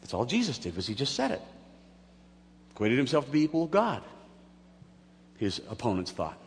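A man preaching a sermon, telling the story with lively acted-out voices and jokes. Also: mid-range voice, a little fast, long pauses, slight background noise. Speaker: pastor. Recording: long hall reverb.

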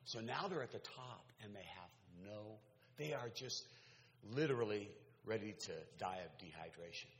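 Low-voiced man preaching in echoey hall. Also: animated, normal speed. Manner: conversational storytelling with audience asides. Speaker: pastor. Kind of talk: sermon. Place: large hall. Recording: echoey hall, faint ambience.

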